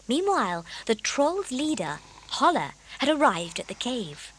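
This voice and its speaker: A woman narrating a children's audiobook in a gentle, expressive storytelling manner. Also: a little high, measured pace, a little hiss or hum. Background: soft background music.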